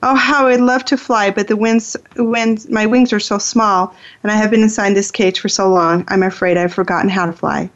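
A woman's voice: medium pitch, steady tone, moderate pace, hardly any pauses, close to an everyday voice. Storybook figure: a small, timid caged bird, read by a woman, wistful, dull recording. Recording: dull lo-fi sound.

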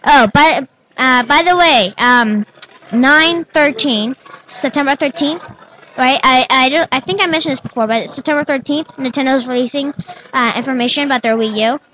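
Young woman, very high voice, casual tech chat, rambling and playful. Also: moderate pace, pushed and bright, low-quality recording. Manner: rambling, playful, many restarts. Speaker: co-host.

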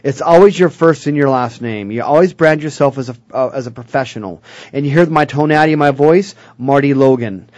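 An energetic man who coaches sales as a guest on a talk show, speaking straight to the listeners. His voice sits a touch high for a man. The sound is dull and lo-fi, and very dry. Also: fairly quick, no room sound. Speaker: sales trainer.

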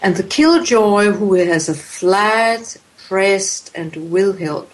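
A woman speaks slowly in an interview, weighing each phrase. She pauses often and restarts her sentences. Her tone stays thoughtful as she explains. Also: mid-range voice, rough recording. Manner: hesitant, many fillers and restarts. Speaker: voice expert guest. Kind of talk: interview answers.

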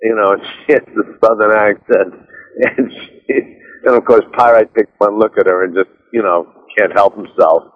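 Low-voiced man telling stories animatedly. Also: normal speed, phone-quality sound. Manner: rambling, animated storyteller with many restarts and laughs. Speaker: author and director, interview guest. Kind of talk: casual interview chat.

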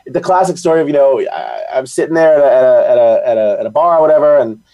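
A man chatting as a podcast guest, telling stories in quick bursts with lots of restarts. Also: medium pitch. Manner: rapid, animated storytelling with frequent restarts. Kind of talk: casual chat.

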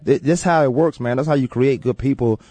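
Husky, mellow-voiced sports radio host. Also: male voice, mid-range voice, a little fast, no room sound. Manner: animated, repeats himself. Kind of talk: casual sports talk.

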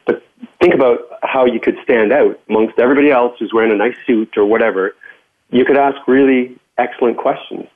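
A man's voice: mid-range voice, a little fast. Upbeat man on a tinny phone line. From Canada. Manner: upbeat, animated, many restarts. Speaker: podcast guest, speaker on workplace play. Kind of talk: casual interview talk.

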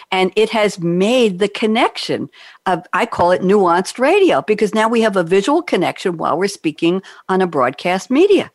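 A middle-aged woman from New York hosts a radio show over a video call. She talks in a chatty way and laughs at her own jokes. The sound is dry, with no room echo. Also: medium pitch.

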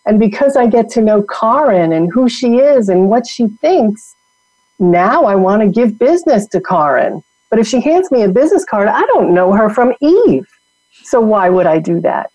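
Motivational podcast guest, woman, emphatic coaching delivery, mellow tone, dead-dry sound. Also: mid-range voice, dry recording, rough recording. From New York. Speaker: guest, women's network founder.

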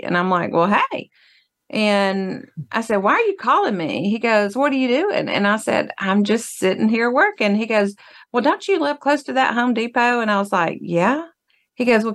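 A woman, the guest in an interview, telling a story in an animated way and acting out the dialogue. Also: medium pitch. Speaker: guest, ministry founder.

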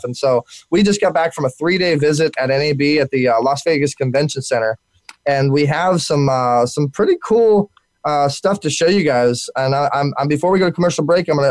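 A man hosting a live internet talk show, energetic and full of fillers and repeated words, while sick. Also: medium pitch, no echo.

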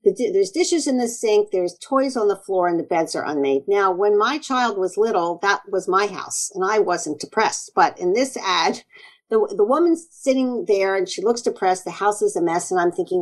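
A woman naturopathic doctor speaking as an interview guest, earnest and animated, often acting out quoted exchanges. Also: medium pitch, moderate pace, poor audio. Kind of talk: conversational interview.

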